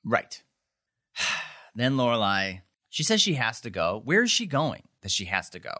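At a normal speed and in a medium pitch, this man's voice comes across very animated, pushed, and bright. As a co-host on a podcast, he chats through a TV episode recap, rambling, dropping "like" often, and acting out the quotes.

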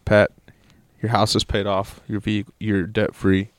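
A man's voice: fairly low pitch, completely flat delivery, a little slow, dry recording. A young man co-hosting a casual podcast with friends by a fire, bantering in slangy, joking talk. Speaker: podcast co-host. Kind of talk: casual chat among friends.

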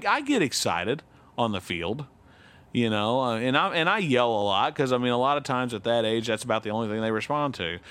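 Low, smooth-voiced man chatting casually. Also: a bit bright. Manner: rambling, self-correcting, candid. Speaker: podcast co-host; youth T-ball head coach. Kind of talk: casual chat.

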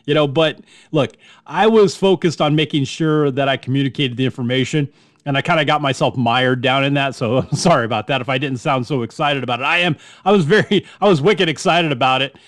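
A man's voice: mid-range voice, brisk, fairly bright tone, no echo, studio quality. A man hosting a hobby podcast, chatting through listener email in a rambling way with many fillers and restarts. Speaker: podcast host. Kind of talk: casual chat answering listener email.

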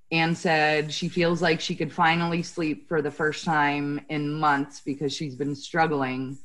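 A woman's voice: deep voice, low-quality recording. A woman real estate agent telling a heartfelt story in a chatty way, full of fillers. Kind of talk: casual storytelling.

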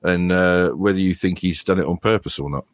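A man's voice: sits low, fairly quick, no room sound. A man hosting a casual podcast, rambling through stories and often chuckling. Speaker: podcast host.

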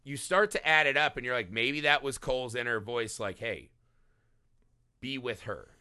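A man hosting a casual film discussion podcast, animated and peppering his talk with "right?". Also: medium pitch, a little fast, clear, resonant tone, dry recording, studio quality. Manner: animated, swearing, frequent "right?". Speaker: podcast host.

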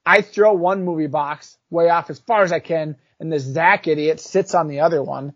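A chatty man telling a funny childhood story, talking in a fairly high voice. His delivery is animated and loose, full of fillers. The recording sounds dull and lo-fi. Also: normal speed, dry recording. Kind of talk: casual storytelling.

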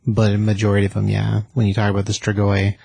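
A man's voice: fairly low pitch, completely flat delivery, quick pace, gravelly, darkish tone, husky, no echo. A man co-hosting a podcast, adding casual asides and background to a comic discussion. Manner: chiming in with short asides. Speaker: podcast co-host. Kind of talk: casual comic book chat.

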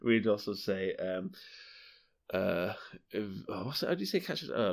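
A man's voice: lowish voice, very animated, a little fast, creaky. A Welsh man co-hosting a podcast, chatting casually and jokingly, laughing often. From Wales. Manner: jokey, laughs often, teasing. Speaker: podcast co-host. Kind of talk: casual chat.

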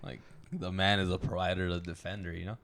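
A man's voice: low voice, steady tone, fast, creaky, a bit bright. A young man co-hosting a podcast, laid-back and slangy in casual chat. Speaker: podcast co-host.

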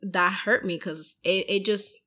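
Young female podcaster, casual chat, animated storyteller who voices others' lines. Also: medium pitch, a little slow. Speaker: podcast host.

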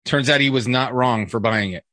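A man's voice: mid-range voice, moderate pace, pushed and bright, no room sound, studio quality. A man hosting a podcast in casual chat, rambling and reading listener emails aloud. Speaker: podcast host.

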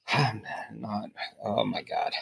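A man's voice: lowish voice, little pitch movement, slow pace, creaky, echoey room, poor audio. A man hosting a podcast, chatting casually in a profane, wired way, jittery from coffee, often trailing off to a mutter. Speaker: podcast host and chef. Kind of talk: casual banter.

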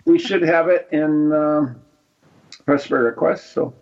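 A man co-hosting a casual chat, rambling and halting with many fillers. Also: a little high, creaky, darkish tone. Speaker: co-host. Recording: dull lo-fi sound.

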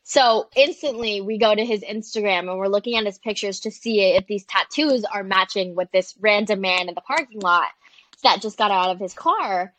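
Brief: young woman, animated storyteller, dry close sound, mid pitch. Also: moderate pace, dry recording. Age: young adult. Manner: chatty and animated, many "like"s, quoting people. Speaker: guest, social media creator. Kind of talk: casual storytelling in an interview.

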